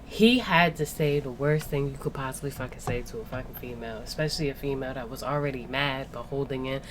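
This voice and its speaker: A young woman with a low voice, telling a personal story in a loose, profane, animated way. She leans on "like" and "yo" constantly, and a faint hiss of noise sits under the recording. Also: quick pace. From Spanish-speaking background. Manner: animated, profane venting with lots of "like" and "yo". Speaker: podcast co-host. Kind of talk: casual storytelling chat.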